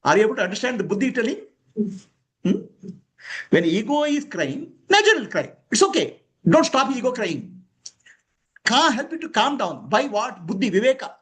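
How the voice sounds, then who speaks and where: A man's voice: very high-pitched, sing-song, moderate pace, pauses often, a bit bright. A man giving a spiritual discourse to students, emphatic and questioning, chuckling often. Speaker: spiritual teacher.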